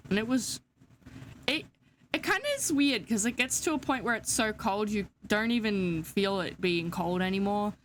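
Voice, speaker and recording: A woman's voice: medium pitch, moderate pace, a little hiss or hum. A young woman chatting casually to her live-stream chat, sleepy, giggly and yawning. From Australia.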